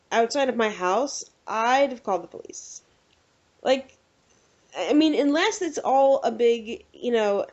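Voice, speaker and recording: A woman co-hosting a casual podcast, ranting with animated exasperation. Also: fairly high pitch. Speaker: podcast co-host. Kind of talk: casual chat. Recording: dull lo-fi recording.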